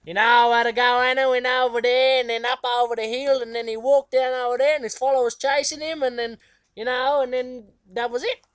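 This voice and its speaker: A man voicing an elderly grandmother, telling a meandering story in a high, warbling voice. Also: level tone, fairly quick, a bit bright, clear, resonant tone, no echo. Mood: rambling.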